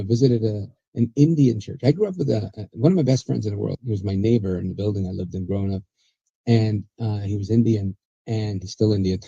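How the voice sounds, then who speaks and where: A man's voice: medium pitch, vocal fry, mellow, breathy edge, no echo, highs cut off. A man hosting a political talk show, chatty and sarcastic, rambling with restarts. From USA. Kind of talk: casual political commentary.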